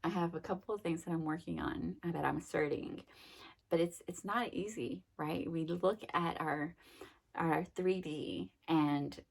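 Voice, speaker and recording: A woman's voice: deep voice, fairly even intonation, a little slow, gravelly, breathy edge. A young adult woman giving a casual, rambling self-help talk, full of fillers and acted-out quotes. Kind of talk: casual monologue.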